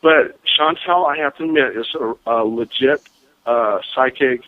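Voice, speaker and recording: Excitable man telling stories over a phone line. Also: mid-range voice, unhurried, no room sound. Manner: animated, laughing, excitable storyteller. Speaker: guest. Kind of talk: phone-in storytelling.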